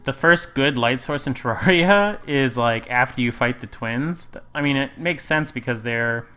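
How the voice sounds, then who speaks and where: A man's voice: mid-range voice, measured pace, sharp tone, smooth. A man casually commentating his gameplay, rambling and correcting himself with wry asides. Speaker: let's play host.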